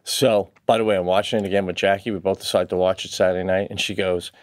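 A man chatting casually as a podcast co-host, dry and close to the mic. He tells stories with big swings in pitch. He swears freely, calls his friend "bro" and breaks into loud, high-pitched outbursts. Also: fast talker, dry recording. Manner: animated storyteller, swears, says "bro". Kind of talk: casual chat.

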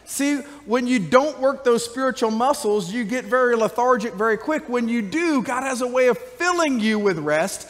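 A man delivering a church sermon with energetic, conversational preaching and frequent call-outs. His voice sits high for a man. The sound rings with the long reverb of a church sanctuary. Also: normal speed, few pauses. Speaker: pastor.

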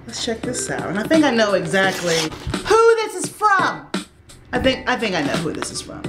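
A woman's voice: mid-range voice, lively intonation, measured pace, music in the background. A young woman in her studio apartment unboxing packages in a casual vlog, playful and slangy, sometimes breaking into song. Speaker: vlogger.

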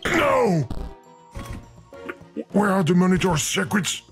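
A man's voice: high-pitched, big pitch swings, takes it slowly, soft background music, heavily acted. A man voicing a talking video game that frets over and scolds the player in a theatrical way. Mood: exasperated.

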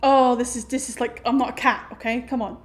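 Lady streaming a spooky game, high voice, yelps and chatters at the screen, faint game noise behind. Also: steady tone, fairly quick. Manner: jumpy, exclamatory, talks to the game. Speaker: gaming streamer. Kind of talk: let's play commentary.

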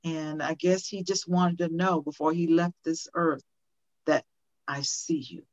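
A woman's voice: low-pitched, steady tone, measured pace. An older woman speaking as a guest in an interview, earnest and emphatic, often repeating questions for effect. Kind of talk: conversational interview. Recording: dull lo-fi audio.

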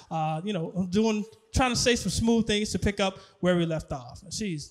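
A man performing a stand-up comedy set on stage, animated, laughing and shouting at his punchlines. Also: high voice, a little fast, hardly any pauses. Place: comedy stage before a live audience.

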